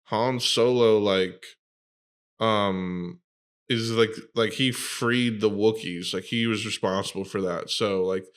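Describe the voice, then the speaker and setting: A man's voice: fairly low pitch, steady tone, takes it slowly, smooth. Rambling young man cracking crude jokes. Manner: rambling, crude joking, many "like" fillers. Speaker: podcast co-host. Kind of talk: casual chat.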